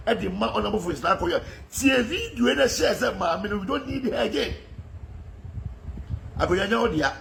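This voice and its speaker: Ghanaian male commentator, high raspy-fry voice, impassioned monologue with frequent laughs. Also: a bit bright, slight background noise. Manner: fervent, often laughing mid-sentence. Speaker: political social media commentator.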